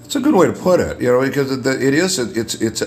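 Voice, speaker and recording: A man with a deep radio voice, a guest in a casual podcast chat, who often repeats words as he starts a thought. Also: sing-song, fast, slight background noise. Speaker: guest, makeup artist.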